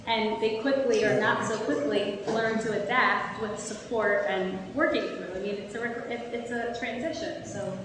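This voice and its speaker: A woman's voice: medium pitch, fairly even intonation, normal speed, few pauses. A woman giving a community talk about easing into retirement, explaining earnestly with stories and examples and sometimes restarting a phrase. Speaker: speaker on retirement transitions. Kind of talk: community talk with audience questions. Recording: echoey hall, distant mic, background noise.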